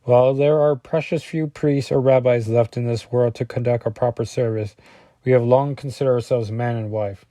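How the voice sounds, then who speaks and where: A man voicing a stoic male Russian superhero, reading his lines slowly and deliberately in a put-on Russian accent. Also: medium pitch, steady tone, warm tone, no echo, natural voice. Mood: solemn.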